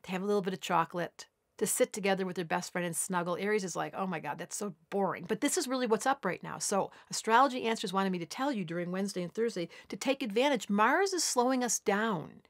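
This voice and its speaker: A woman's voice: medium pitch, animated, no room sound, clean studio sound. An older woman astrologer giving a casual daily horoscope in a chatty, colloquial way. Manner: chatty and colloquial, acts out quick asides.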